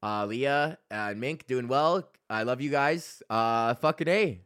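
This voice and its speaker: A man hosting his own podcast, telling a profane, comedic story and reading his ads with sudden loud shouted bits. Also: fairly high pitch, lively intonation, moderate pace, hardly any pauses. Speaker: podcast host.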